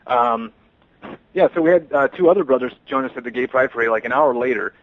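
A man telling of his street evangelism in a casual testimony, eager and halting, often repeating words. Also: mid-range voice, no echo, phone-quality sound.

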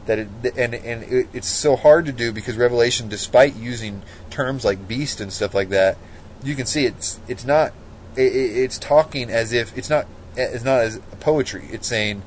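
A man's voice: mid-range voice, normal speed, slight background noise, rough recording. A man giving an informal Bible study, talking things through conversationally and reading scripture passages aloud. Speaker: Bible teacher.

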